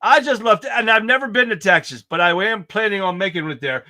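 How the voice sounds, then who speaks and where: A man's voice: high voice, quick pace, bright, forceful tone, dry recording, clean studio sound. A man hosting a live stream, chatting casually to viewers and introducing clips. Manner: chatty, laughs easily, addresses viewers. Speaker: livestream show host.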